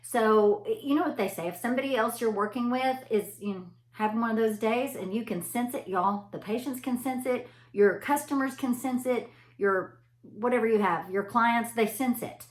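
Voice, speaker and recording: A woman's voice: a little high, normal speed. A middle-aged woman, a chatty storyteller talking straight to her listeners in a casual motivational talk. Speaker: anesthesia provider. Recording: echoey room.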